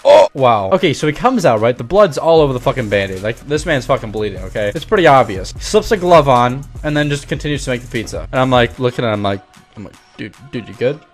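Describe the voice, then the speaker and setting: A young man who makes gaming videos, telling a profane, animated story in a casual way with lots of filler words over gameplay. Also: medium pitch, fast talker, faint music behind. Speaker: gaming YouTuber.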